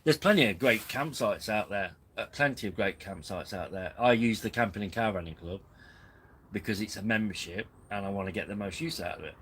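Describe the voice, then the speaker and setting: Chatty man, low voice. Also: brisk, a bit bright, breathy edge, rough recording. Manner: rambling, chatty, self-deprecating. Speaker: camping channel host. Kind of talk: casual live-stream chat. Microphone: camera on tripod.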